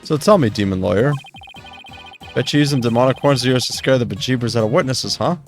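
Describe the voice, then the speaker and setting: A man's voice: medium pitch, fast, soft background music, close to an everyday voice. Man putting on a sneaky folksy caretaker, slangy wheedling drawl, game character. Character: sly folksy male caretaker, a petty thief.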